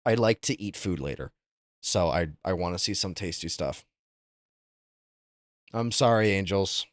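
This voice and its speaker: A young man streaming live, chatting casually with viewers and reacting to things with loud, incredulous, profane outbursts. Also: low-pitched, animated, a little slow, no room sound, studio quality. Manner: incredulous, swearing, exaggerated reactions.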